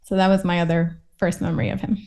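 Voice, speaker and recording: A woman's voice: lowish voice, flat delivery, fast, a little mellow. A woman from Puerto Rico, a guest in a casual interview, talking in a reflective, thoughtful way.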